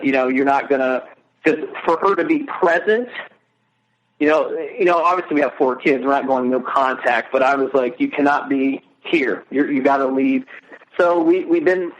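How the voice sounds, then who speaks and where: A middle-aged man speaking as an interview guest, earnest and emotional, halting as he recounts. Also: fairly high pitch, dull audio. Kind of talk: casual interview.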